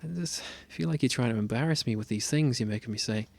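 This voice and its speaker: A man's voice: mid-range voice, quick pace, vocal fry, darkish tone. Mock-indignant man hosting a podcast. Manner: mock-indignant, stumbles over a tongue-twister sign-off. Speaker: podcast co-host. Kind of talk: jokey podcast banter.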